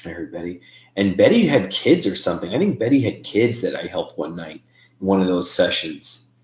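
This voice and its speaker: A man with a low, deep voice talks through his ideas for an online audience, stopping and restarting his sentences as he thinks aloud. The sound is roomy and echoey. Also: very animated, moderate pace. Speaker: host of a live paranormal stream. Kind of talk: casual live-stream chat with viewers.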